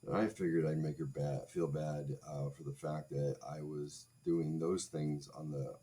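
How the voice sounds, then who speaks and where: A man's voice: very deep voice, little pitch movement, unhurried, warm tone. A man in his forties, hosting a livestream, telling a crude comic story in a sarcastic, rambling way with self-mocking asides. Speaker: streamer host.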